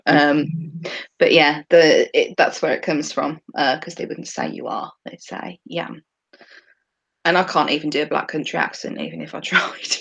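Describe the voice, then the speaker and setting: A woman with a Birmingham accent chats casually as a podcast co-host, dropping letters as she goes. Her voice has a gravelly fry to it. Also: deep voice, steady tone, moderate pace, a bit bright, muffled recording. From England. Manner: chatty, drops her T's. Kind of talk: casual chat.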